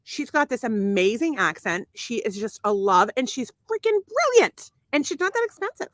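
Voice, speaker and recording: Lively middle-aged woman, high and swooping, dry close sound, chatty podcast storyteller. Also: normal speed, no room sound. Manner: animated storyteller, slips into mock formal voices. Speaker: podcast co-host. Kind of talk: casual chat.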